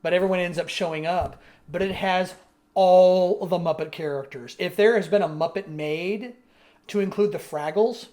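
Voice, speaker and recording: A man co-hosting a podcast, telling a story in casual chat and acting out quotes with animated swings in his voice. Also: sits high, normal speed. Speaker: podcast co-host.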